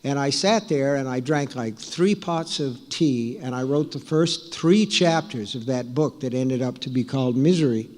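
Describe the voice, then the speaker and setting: A man in his sixties tells stories on stage in a relaxed, anecdotal way, with dry self-deprecating humor and plenty of restarts. His voice sits at an ordinary middle pitch. The recording carries the long reverb of a large hall. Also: normal speed, hardly any pauses. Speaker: author speaking to an audience. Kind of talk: live storytelling talk.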